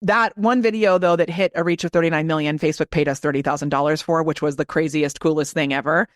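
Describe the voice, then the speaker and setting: A woman's voice: sits low, fairly even intonation, no echo, studio quality. Upbeat woman guest on a podcast. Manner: enthusiastic, quick storytelling. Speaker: guest, video marketing expert. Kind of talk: casual podcast chat.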